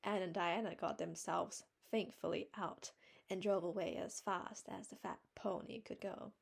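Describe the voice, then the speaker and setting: A woman's voice: fairly low pitch, steady tone, a little slow, gravelly, breathy edge. A woman reading a classic novel aloud, narrating plainly and steadily. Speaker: reader. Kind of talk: storybook narration.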